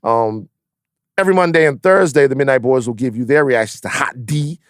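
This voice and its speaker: A man's voice: mid-range voice, brisk, dry recording, studio quality. A man hosting a podcast in loose, joking chat, swearing freely and short on sleep. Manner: loose, joking, swearing, breaks into mock impressions. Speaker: podcast host.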